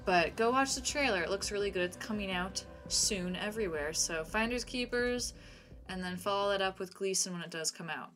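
A woman's voice: medium pitch, fairly quick, a bit bright, soft background music. A woman co-hosting a casual film podcast, playful and jokey, sometimes trailing off into mumbles. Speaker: podcast co-host.

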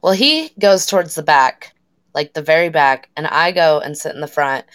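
A woman's voice: sits low, normal speed, a bit bright, clean tone, no echo. A woman in her thirties casually chatting as a podcast co-host, swearing freely while telling stories. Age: 30s. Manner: profane, storytelling with laughs. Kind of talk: casual chat.

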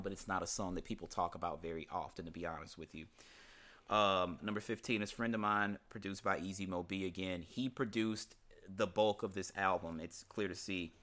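A man with a very low, deep voice talks through an album track by track in a loose, conversational way. He swears freely and shifts into a quicker clip when he reads quotes aloud. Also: fairly bright tone. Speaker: podcast host discussing an album. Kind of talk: casual commentary with read-out quotes.

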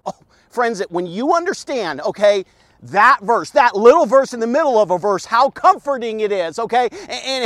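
A man with a very high voice gives a loose, chatty daily devotional. He talks in an animated, down-home way, repeating little phrases as he goes. The sound is close and dry, with no room echo. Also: normal speed. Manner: animated, repetitive and folksy, often saying "look at" and "okay". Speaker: devotional host. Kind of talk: casual devotional talk. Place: outdoors in a park.

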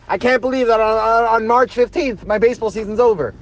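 High-voiced man ranting about baseball. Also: fairly quick, dull audio. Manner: exasperated, repeats himself when upset. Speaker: baseball fan vlogger. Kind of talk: ranting reaction vlog.

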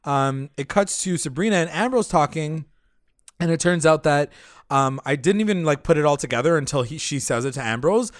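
A man's voice: fairly high pitch, animated, fairly quick, no echo, clean studio sound. A man co-hosting a podcast in loose casual chat, full of fillers and swearing.

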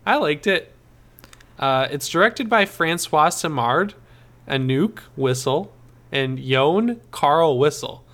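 A man's voice: on the high side, expressive, slow, a bit bright. A man co-hosting a podcast, chatting casually, swearing and laughing easily. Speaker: podcast co-host. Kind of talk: casual chat.

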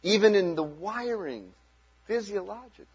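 A man's voice: sits high, animated, moderate pace, slightly rough, lo-fi sound. A man preaching a sermon as pastor, talking in an earnest, conversational way and chuckling between points.

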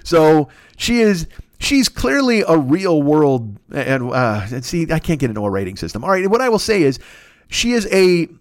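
A man's voice: a little high, big pitch swings, moderate pace, dry recording, studio quality. A man hosting his own podcast alone, ranting profanely and rambling, often laughing at his own jokes. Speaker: podcast host. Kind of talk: solo comedic rant.

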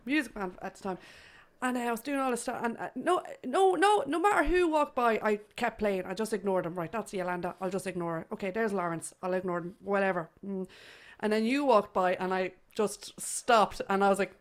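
A woman's voice: mid-range voice, animated. Chatty Irish woman. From Ireland. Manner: chatty, laughing, quick storytelling. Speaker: host. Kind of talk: casual chat.

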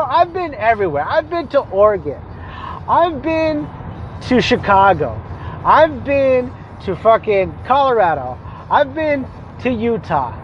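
A young man telling stories in a casual vlog, animated, profane and exasperated as he rants. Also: extremely high pitch, dull audio, a little hiss or hum.

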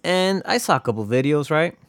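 A man's voice: fairly high pitch, lively intonation, a little fast, no echo. Guy rambling thru his podcast, swears a lot, dry close mic. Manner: rambling, profane, self-deprecating. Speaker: podcast host. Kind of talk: casual solo podcast monologue.

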